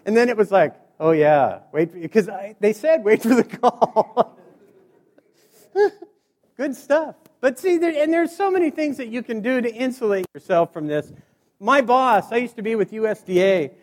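Male keynote speaker, animated, acts out dialogue, very expressive pitch, reverberant hall. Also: moderate pace. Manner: animated storyteller acting out dialogue. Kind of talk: humorous motivational speech.

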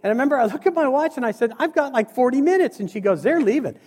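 A man doing storytelling stand-up comedy, animated and acting out the people in his stories. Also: very high voice, rapid-fire. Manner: animated, acts out voices and scenes. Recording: reverberant hall.

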